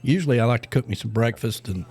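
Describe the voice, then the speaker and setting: A man's voice: mid-range voice, lively intonation, quick pace, darkish tone. A middle-aged man co-hosting a radio show in casual chat, rambling with lots of fillers and restarts.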